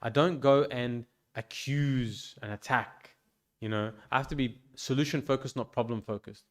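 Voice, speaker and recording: A man, a priest, giving an informal pastoral talk to a youth group in a gentle, reflective way, with frequent restarts and fillers. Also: medium pitch, steady tone, normal speed. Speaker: priest leading a youth meeting. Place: church hall.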